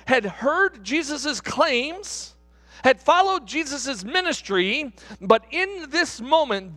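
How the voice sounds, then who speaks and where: A male pastor preaching in a lively, sing-song way, his fairly high voice leaping up and down. He restarts phrases and keeps checking in with the congregation. The sound carries a long hall reverb. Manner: animated preaching with repeated restarts and rhetorical asides. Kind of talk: sermon.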